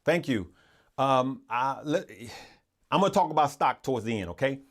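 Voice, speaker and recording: A man's voice: mid-range voice, animated, moderate pace, a bit bright. A man hosting a live stream, chatting casually with viewers in an earnest, motivational way, rambling with frequent restarts and repeated words. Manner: rambling and repetitive, with restarts and stammers. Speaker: livestream host.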